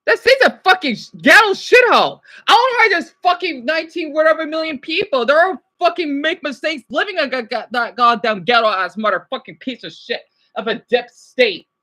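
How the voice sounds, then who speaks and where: A woman livestreaming, reacting to videos and chat, swinging between furious rants and quiet apologies. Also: high voice, a little fast.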